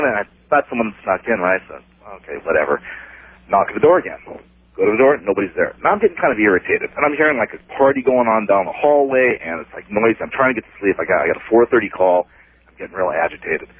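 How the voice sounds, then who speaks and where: Fast-talking man on a tinny phone line. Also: on the low side, a little hiss or hum. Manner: animated storyteller, acts out dialogue. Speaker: caller. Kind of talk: telling a ghost story by phone.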